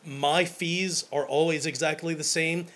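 A man's voice: a little high, a little slow. A young man, a wedding photographer, talking casually and enthusiastically about his work, with frequent restarts. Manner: energetic and enthusiastic, many restarts. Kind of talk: casual monologue to camera.

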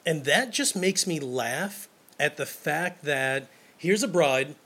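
A man's voice: a little high, slow pace. A young man, a wedding photographer, talking casually and enthusiastically about his work, with frequent restarts. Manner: energetic and enthusiastic, many restarts. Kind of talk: casual monologue to camera.

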